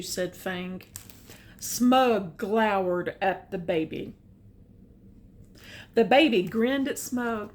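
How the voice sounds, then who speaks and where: An older woman reading a picture book aloud, adding gentle, chatty comments about the pictures. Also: mid-range voice, extremely slow, pauses often. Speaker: storyteller.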